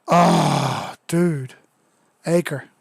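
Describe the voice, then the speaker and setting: A man's voice: fairly high pitch, fairly even intonation, drawn-out words, gravelly, husky, no echo, clean studio sound. A young man, a bit drunk, doing casual crypto chart commentary on a live stream, loose, joking and profane. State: tipsy.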